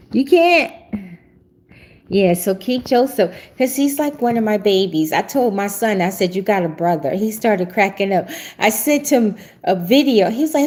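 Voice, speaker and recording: A woman's voice: medium pitch, a little mellow. A middle-aged woman hosting a prophetic talk show, chatting casually and laughing often. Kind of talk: casual livestream chat.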